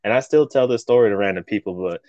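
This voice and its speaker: A podcast co-host tells a story casually and animatedly, swearing plenty and acting out quotes. His lowish voice moves quickly, and the dry recording has its highs cut off.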